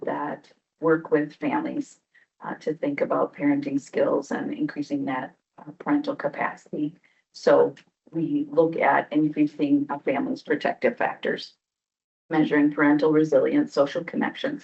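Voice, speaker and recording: A woman's voice: low voice, gravelly, darkish tone. A woman presenting program results at a public board meeting, explaining steadily with frequent "um" fillers. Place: meeting room. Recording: dull lo-fi meeting recording.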